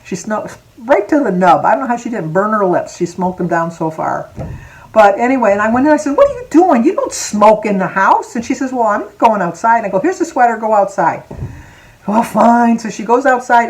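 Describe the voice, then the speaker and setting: A woman's voice: medium pitch, normal speed, poor audio. A woman in her sixties telling a personal story to her viewers in a chatty, rambling way, close to tears and laughing now and then. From Michigan, USA. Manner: chatty and rambling, drifting off topic with asides and laughs. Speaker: vlogger. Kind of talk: casual personal storytelling to camera.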